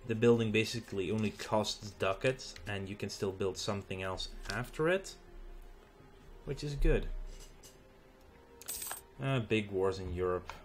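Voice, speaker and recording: A tired man thinking aloud as he plays a strategy game late at night, halting with ums and restarts. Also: fairly low pitch, slight background noise. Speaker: gaming channel host. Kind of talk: let's play commentary.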